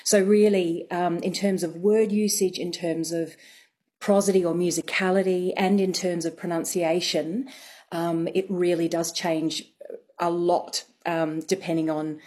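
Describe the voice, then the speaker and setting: A woman with a slightly low voice talks through ideas carefully on a radio show. She pauses often and fills gaps with small hesitations as she explains. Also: fairly even intonation, a little mellow, breathy edge. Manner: thoughtful, explanatory, many fillers. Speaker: dialect coach guest. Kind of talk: radio interview answers.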